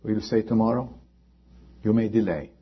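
A man preaching a sermon as pastor, impassioned, rising high and then dropping to a hush. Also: normal speed, slightly rough, lo-fi sound. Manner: impassioned preaching with sudden drops to quiet.

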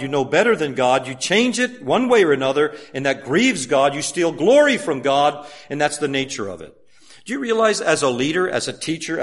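A man preaching a sermon emphatically, asking many rhetorical questions and swinging from loud urging to hushed asides. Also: a little high.

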